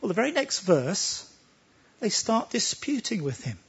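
Emphatic preacher, man with a high, lively voice. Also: measured pace, vocal fry, breathy edge, highs cut off. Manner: emphatic, with rhetorical questions. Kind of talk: sermon.

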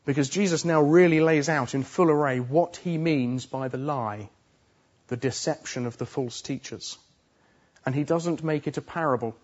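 A man's voice: mid-range voice, darkish tone. Earnest man preaching a sermon, lo-fi. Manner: earnest, emphatic, repeats phrases for stress.

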